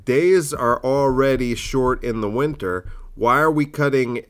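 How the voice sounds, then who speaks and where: A man's voice: medium pitch, a little slow. A man hosting a solo comedy podcast, musing aloud in a self-deprecating way.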